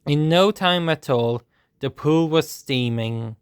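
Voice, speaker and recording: Male storyteller, steady measured read-aloud, dry close sound. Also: on the high side, clean tone, no echo. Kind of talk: reading a children's storybook aloud.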